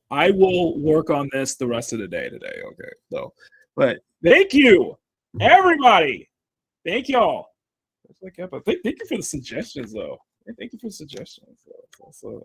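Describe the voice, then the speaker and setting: Lively, rambling man hosting a stream. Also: medium pitch, husky, dry recording. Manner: rambling, restarts phrases, laughs often. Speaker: livestream host. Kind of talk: casual livestream chat while drawing.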